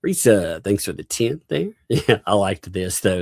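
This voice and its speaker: A man's voice: lowish voice, sing-song, a little slow, gravelly, hardly any pauses, darkish tone, no room sound, studio quality. A man with a Southern US accent hosting a casual livestream, laughing often and reading viewer messages aloud. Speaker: livestream host.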